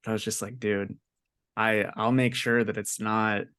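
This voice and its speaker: A man's voice: fairly low pitch, little pitch movement, a little slow, fairly bright tone, clean tone. A young man co-hosting a podcast, telling a story in casual, profane, exasperated chat. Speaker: podcast co-host.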